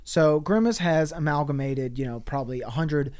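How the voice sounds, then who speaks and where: A man's voice: a little high, moderate pace, darkish tone. Profane rambling man spinning a comic tale. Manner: rambling, profane, frequent fillers. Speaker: podcast co-host. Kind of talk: improvised comic storytelling.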